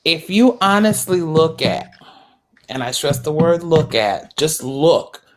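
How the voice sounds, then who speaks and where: A woman's voice: sits low, very animated, unhurried. A woman speaking on an online panel in an earnest way, repeating words to stress a point and adding apologetic asides. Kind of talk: casual panel discussion.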